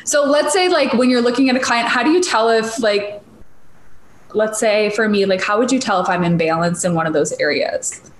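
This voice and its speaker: A woman's voice: on the high side, normal speed, reverberant, a little hiss or hum, low-quality recording. A woman with a Minnesota accent hosting a podcast, asking curious questions in a casual, chatty way with many "like" fillers, recorded at home in her apartment. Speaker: podcast host. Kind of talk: casual interview chat.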